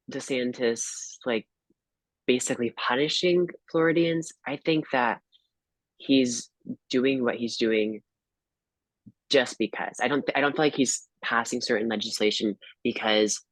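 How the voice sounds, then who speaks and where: A man's voice: medium pitch, slow pace, pauses often, dry recording, low-quality recording. A man appearing as a guest tarot reader, talking hesitantly with many fillers and restarts. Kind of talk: casual predictions chat.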